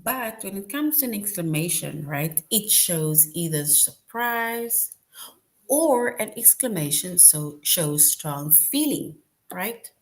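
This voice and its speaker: A woman teaching young children, speaking slowly and deliberately with a fairly low voice. She is patient and repeats each point, checking in with the class as she goes. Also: lively intonation. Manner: patient, repeats points, tags "right?" often; slow, deliberate. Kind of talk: online lesson for young children.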